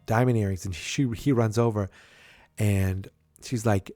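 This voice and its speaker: Man, podcast host, low voice, dry sound, rambling casual recap, lots of restarts. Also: slow, warm tone, no echo, faint music behind. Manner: rambling, frequent restarts and fillers.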